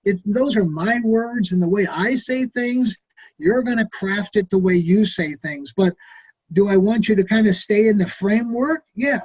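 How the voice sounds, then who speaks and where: A man's voice: sits high, husky, lo-fi sound. A middle-aged man leading a direct sales training, folksy and urging, who acts out sample phone calls to friends.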